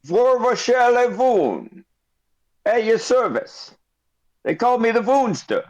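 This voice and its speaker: A man's voice: sing-song, takes it slowly, a little mellow, heavily acted. A man putting on a brash Boston shopkeeper. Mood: chummy. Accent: exaggerated Boston. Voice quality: high, pushy, streetwise patter. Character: brash, chummy male shopkeeper who pitches himself hard. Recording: slightly dull lo-fi audio.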